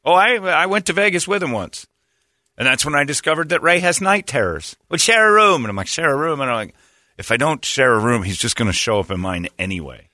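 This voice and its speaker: A man hosting a podcast, telling comic stories in a lively way and acting out the quotes. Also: medium pitch, brisk, no echo, studio quality. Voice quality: animated, acts out quotes. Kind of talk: comic storytelling chat.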